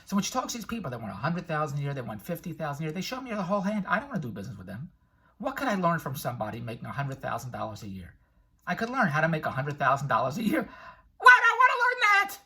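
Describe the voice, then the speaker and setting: A man's voice: on the high side, big pitch swings, very fast, bright, forceful tone, slightly rough. An older man giving a brash, rambling motivational monologue full of tangents, laughing at his own jokes. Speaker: vlogger and infomercial producer.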